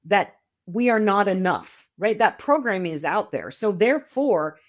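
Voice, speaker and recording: A woman's voice: mid-range voice, animated, normal speed. A middle-aged woman speaking as a podcast guest, talking casually and with enthusiasm, often acting out quoted voices. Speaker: podcast guest, wealth mentor. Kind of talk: casual conversational interview.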